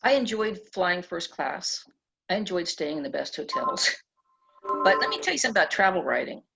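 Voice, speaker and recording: A middle-aged woman author being interviewed at a press club event, telling stories in an animated way and laughing often. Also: fairly low pitch, brisk, creaky, over loud music. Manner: animated, laughs often, acts out quoted voices. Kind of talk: conversational storytelling. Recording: dull lo-fi event recording.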